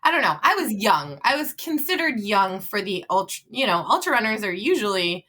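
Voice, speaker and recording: Bright-voiced young woman telling a story. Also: medium pitch, a little fast. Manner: animated, laughing often, acts out quotes. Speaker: podcast guest. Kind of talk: casual storytelling.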